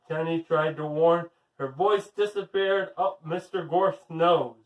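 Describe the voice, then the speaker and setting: A teacher reading a chapter book aloud to children, upbeat and encouraging, recorded from a distant mic. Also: male voice, fairly high pitch, unhurried, few pauses. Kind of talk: read-aloud storytelling.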